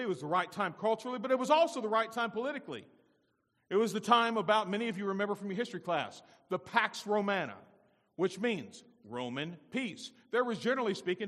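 Male pastor mid-sermon, animated and questioning the congregation, high-pitched, recorded in a reverberant church. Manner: animated preaching with rhetorical questions.

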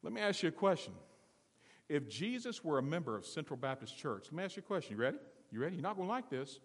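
A man preaching a sermon to his church, asking the congregation questions and swinging between quiet and loud passages. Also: on the high side, big pitch swings, quick pace, slightly rough, in a large hall. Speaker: pastor. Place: church sanctuary.

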